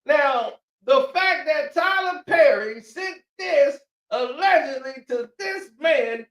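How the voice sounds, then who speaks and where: A man's voice: extremely high pitch, lively intonation, slow pace, fairly bright tone. A man doing comedic commentary, laughing often and reading quotes in mocking voices. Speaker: commentary streamer. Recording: echoey room, far from mic.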